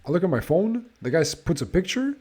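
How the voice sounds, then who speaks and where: A man's voice: high voice, big pitch swings, quick pace, darkish tone, slightly rough. A man hosting a podcast, telling a casual story, swearing nonstop and sounding exasperated as he restarts his sentences. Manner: profane, swears constantly. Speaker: podcast host.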